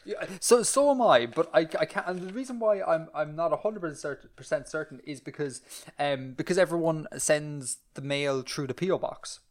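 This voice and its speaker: A man's voice: a little high, normal speed. A man with an Irish accent co-hosting a podcast, rambling and self-deprecating as he chats. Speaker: podcast co-host. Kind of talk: casual chat.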